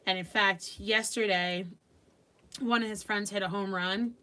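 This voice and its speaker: A woman's voice: mid-range voice, steady tone, a little slow, sharp tone. Chatty woman from Long Island. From Long Island, New York. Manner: chatty, laughs often, talks while working. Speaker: host of a live craft stream. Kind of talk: casual live crafting demo.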